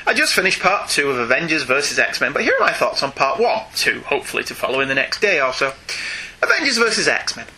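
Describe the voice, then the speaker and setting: A man co-hosts a casual talk show, reading out listener emails and laughing often. His voice sits high and bright, with lively swings in pitch. There is a faint hiss behind him. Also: fast talker. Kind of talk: casual chat.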